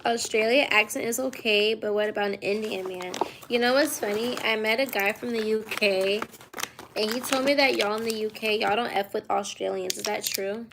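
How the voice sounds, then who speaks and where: Tired gravelly-voiced young woman streamer. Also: medium pitch, fairly even intonation, moderate pace, noisy background. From United States. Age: 20s. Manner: reads viewer questions aloud, loose slangy drawl. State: tired and yawning. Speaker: livestreamer answering chat. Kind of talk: casual livestream chat. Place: hotel room at night.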